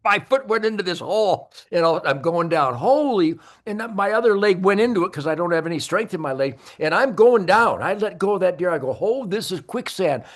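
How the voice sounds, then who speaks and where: An older man spins a hunting tale on a podcast with loud, emphatic energy. His voice sits a little high for a man. He repeats words as he pushes ahead and shouts out his own remembered lines. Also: animated, brisk, few pauses. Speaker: podcast guest. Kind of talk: animated hunting storytelling.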